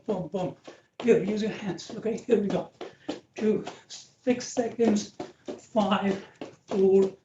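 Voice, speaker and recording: A man's voice: high-pitched, dark tone. A man leading a live online fitness class, encouraging and counting out reps over a video call. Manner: encouraging, counts out reps, frequent "okay" and "right". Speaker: fitness instructor. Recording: dull, roomy, distant video-call audio with faint hiss.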